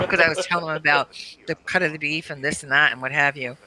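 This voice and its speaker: Bright-voiced middle-aged woman telling stories. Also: low voice, rapid-fire, a little hiss or hum. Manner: animated, laughs through her anecdotes. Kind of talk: casual storytelling chat.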